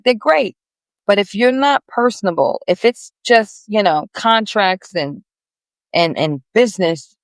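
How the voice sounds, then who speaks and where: A woman's voice: medium pitch, no echo. A woman guest on a business podcast, chatting in a rambling, friendly way with many restarts. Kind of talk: casual interview chat.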